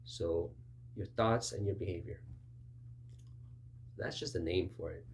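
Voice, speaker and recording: Speaking in a relaxed sermon style, a pastor performs brief dialogues, voicing each side with a higher pitch. His pace is measured and his voice a little mellow, with slight background noise.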